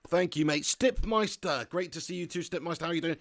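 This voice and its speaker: Reading viewer comments aloud on his live football watch-along, this young man chats excitably, laughs often, and swears casually. His voice is on the high side and his pace brisk.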